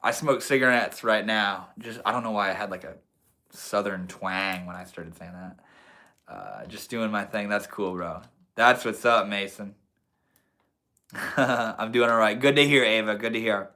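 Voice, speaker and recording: Young male streamer with a bright, forceful voice. Laid-back, slangy and swears freely while chatting with his viewers. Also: lowish voice, measured pace, long pauses. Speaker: livestream host. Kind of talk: casual livestream chat reading comments.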